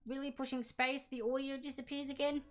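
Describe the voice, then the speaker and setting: A man's voice: very high voice, little pitch movement, brisk, fairly bright tone, soft background music. A young man hosting a livestreamed quiz night in a casual, joking, self-deprecating way, laughing often. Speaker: trivia quiz host.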